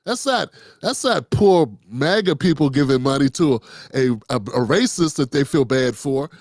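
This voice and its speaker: A man's voice: mid-range voice, animated, moderate pace, dry recording, clean studio sound. A man hosting a political commentary show, talking off the cuff in a blunt, profane, rambling way with lots of restarts.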